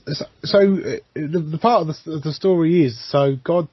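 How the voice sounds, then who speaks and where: A man's voice: fairly high pitch, normal speed, husky, no echo. A man co-hosting a podcast in casual chat, hesitant, restarting and swearing as he asks questions. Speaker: podcast co-host. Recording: dull lo-fi sound, dry.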